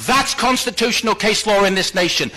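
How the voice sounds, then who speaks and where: Bright forceful man giving public comment. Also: sits high, brisk. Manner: forceful, defiant, quoting. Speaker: public speaker at a meeting.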